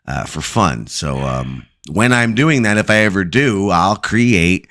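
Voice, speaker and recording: Low-voiced man rambling with lively pitch. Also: measured pace. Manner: rambling, playful, self-deprecating. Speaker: podcast host. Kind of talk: casual chat.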